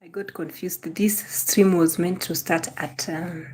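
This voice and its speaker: Speaking at a measured pace with fairly even intonation, this young adult woman from Kenya greets her live stream viewers by name and repeats her phrases. Her Kenyan-accented English slips into Swahili at times, and her lowish voice sounds a little mellow and slightly rough.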